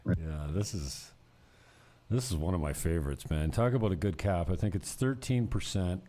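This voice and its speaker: A man's voice: deep voice, moderate pace, warm tone. A man hosting a casual chat, laid-back, swearing now and then and trailing off mid-sentence.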